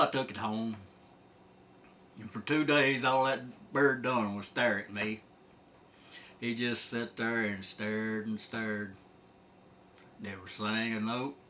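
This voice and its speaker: A man's voice: medium pitch, bright, forceful tone, a little hiss or hum. A middle-aged man telling a comic folksy story, drawling and chuckling along. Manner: drawling, laughs at his own tale.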